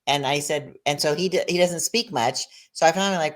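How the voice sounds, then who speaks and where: A woman's voice: sits low, fairly quick. A woman hosting an interview show, telling stories animatedly and reacting with enthusiasm. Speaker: podcast host. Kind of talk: interview conversation.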